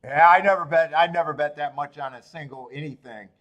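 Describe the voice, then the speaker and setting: A man hosting a horse racing betting livestream, chatting casually in an animated way, swearing, laughing and rambling with restarts. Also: fairly high pitch, brisk, muffled recording.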